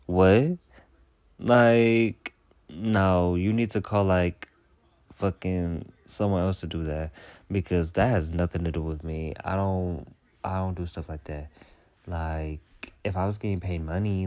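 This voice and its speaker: A man's voice: deep voice, steady tone, normal speed, dark tone. A young man hosting a comedic storytime monologue, sassy and profane, rambling with lots of "like" while answering viewer questions.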